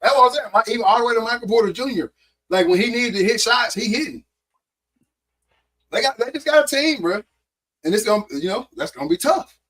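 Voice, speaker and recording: A man's voice: very high-pitched, animated, a little fast, long pauses, a bit bright, poor audio. A man co-hosting a podcast in a casual sports chat, talking in a blunt, slangy, mocking way. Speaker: podcast co-host.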